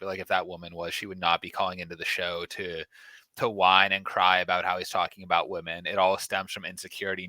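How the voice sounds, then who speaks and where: A man's voice: sits low, pushed and bright, dry recording. A man as a guest on a podcast, chatting casually and bluntly agreeing with emphatic remarks. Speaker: podcast co-host.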